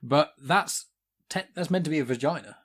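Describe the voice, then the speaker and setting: A man's voice: a little high, moderate pace, a bit bright, breathy edge. An English man hosting a casual podcast, chatty and musing aloud, often ending with tag questions. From England. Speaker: podcast host.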